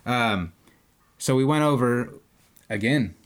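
A man's voice: mid-range voice, slow pace. A man co-hosting a podcast, casually telling a long story and acting out what people said, with the odd swear word. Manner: animated retelling, acts out quoted voices, swears casually. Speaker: podcast co-host.

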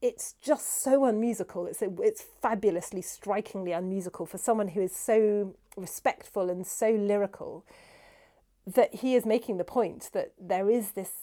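A woman with a mellow, warm voice talks through a song with a scholar's enthusiasm. She is animated, often restarts her sentences and sounds out the rhythms as she goes. Her pitch sits in the middle. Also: normal speed. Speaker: cellist and music scholar. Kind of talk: explaining music in an interview.

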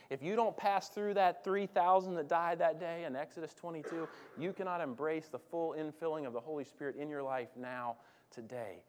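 A man preaching a sermon as pastor, swinging from loud declarations to hushed asides and calling on the congregation to respond. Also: a little high, steady tone, normal speed. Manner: addresses congregation directly, calls for responses. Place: church sanctuary.

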